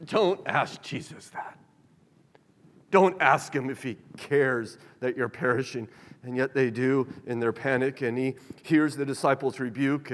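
A man preaching a sermon in a church, animated, shifting his pace and loudness. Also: mid-range voice. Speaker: pastor. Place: church sanctuary. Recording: reverberant hall.

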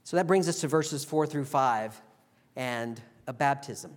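A pastor preaching a sermon, telling the story vividly and acting out the quotes. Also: male voice, medium pitch, unhurried, in a large hall.

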